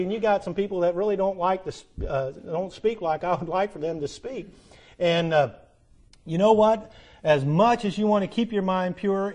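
A middle-aged man preaching a sermon earnestly, dropping low at the ends of lines and rising for emphasis. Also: darkish tone. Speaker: pastor.

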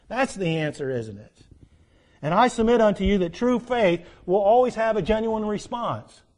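A man preaching a sermon, quoting scripture in old-fashioned wording, swinging from loud emphatic peaks to low, quiet stretches.

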